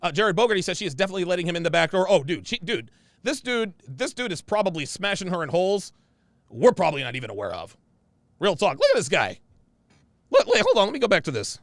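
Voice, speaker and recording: A man's voice: high voice, huge pitch swings, quick pace, no room sound. A man hosting a casual livestream, reading viewer comments aloud in a brash, emphatic way and repeating his phrases.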